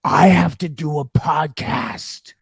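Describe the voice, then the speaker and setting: A man doing a slow gravelly Kevin. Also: fairly high pitch, fairly even intonation, dry recording, clean studio sound, heavily acted. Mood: dopey. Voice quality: gravelly, husky. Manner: slow, dim, blunt. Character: slow-witted middle-aged male office worker. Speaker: guest. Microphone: video call.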